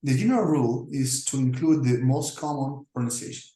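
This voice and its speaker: A man teaching a lesson, talking through slides deliberately with frequent pauses and fillers. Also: mid-range voice, dark tone. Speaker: English teacher. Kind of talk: slow explanatory lecture over slides. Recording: echoey room.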